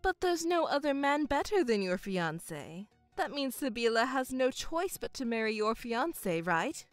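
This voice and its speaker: A scheming middle-aged mother who sneers and gloats over her elder daughter, as a woman acts her out, her voice fairly high and swooping all over. She talks down with mocking, condescending lines, recorded close and dry. Faint music plays behind her. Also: sing-song, moderate pace, no echo. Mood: gloating. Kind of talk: voiced story narration.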